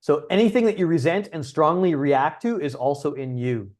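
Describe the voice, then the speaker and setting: A man's voice: on the high side, normal speed, darkish tone. A young man hosting a livestream, talking casually and bluntly as a dating coach, with frequent swearing. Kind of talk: livestream talk.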